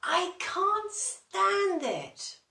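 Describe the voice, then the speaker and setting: A weary, grumpy storybook bear drags out every complaint, played by a woman. The words come very slowly in a roomy, echoing space. The mic sits at some distance. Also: extremely high pitch, very animated, gravelly, sharp tone, voice pushed up, exaggerated voice. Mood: exasperated. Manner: exasperated drawn-out complaints. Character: tired grumpy male bear who cannot sleep.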